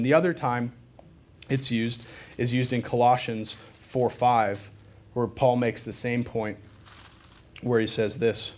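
A man preaching a sermon to a live congregation in a loose, conversational way, with fillers and self-deprecating asides. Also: medium pitch.

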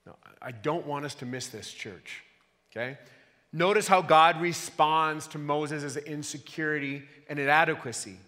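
This pastor's voice is fairly high, bright and forceful, and he speaks unhurriedly. Preaching earnestly and emphatically to his church, he keeps asking the congregation questions, heard through long hall reverb.

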